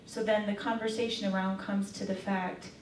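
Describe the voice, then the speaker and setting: A woman's voice: medium pitch, flat delivery, normal speed, a little hiss or hum. A woman giving a casual faith talk to young women, telling a story in a chatty way with lots of fillers. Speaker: speaker. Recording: echoey room, mic far off.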